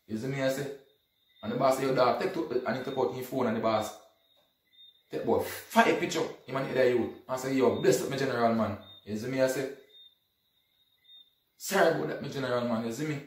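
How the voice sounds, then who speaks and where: A man's voice: medium pitch, brisk, long pauses. A man, retelling an event casually and acting out the dialogue as he goes. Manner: animated, acts out dialogue, repeats "you see me". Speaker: storyteller. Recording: echoey room, distant from mic.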